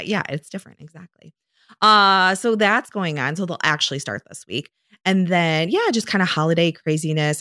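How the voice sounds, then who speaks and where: A woman's voice: low-pitched, pushed and bright, no echo, studio quality. A woman co-hosting a podcast, chatting casually and rambling with lots of fillers and restarts. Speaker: podcast co-host; dietitian. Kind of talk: casual chat.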